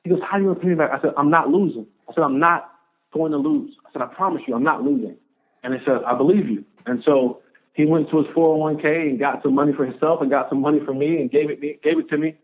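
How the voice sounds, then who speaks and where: A man in his thirties, a guest on a podcast, telling a personal story in an animated way and acting out the voices of the people in it. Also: fairly high pitch, quick pace. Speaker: podcast guest, former pro football player. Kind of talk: storytelling in an interview. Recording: narrow phone-like sound.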